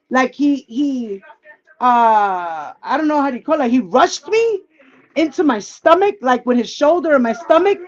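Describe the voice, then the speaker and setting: On dull audio, a woman whose voice sits high and a little mellow appears as a livestream guest. Relaxed, frank and foul-mouthed, she shares a personal story and frequently reenacts other people's words.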